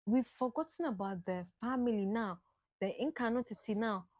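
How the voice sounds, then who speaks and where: A woman's voice: a little high, normal speed, a little mellow, dry recording, studio quality. Earnest woman giving heartfelt advice. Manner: earnest, exclaiming, mixes local words into English. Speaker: speaker giving a monologue. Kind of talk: impassioned advice monologue.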